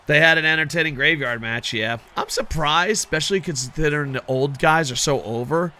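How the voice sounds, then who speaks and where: A man calling a wrestling video game for his viewers, excitable and foul-mouthed, chatting to them as "boys." His voice sits a bit high and rings with a very sharp, tense edge. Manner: excitable, heavily profane, addresses viewers as boys. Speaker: gaming commentator. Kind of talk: casual video game commentary.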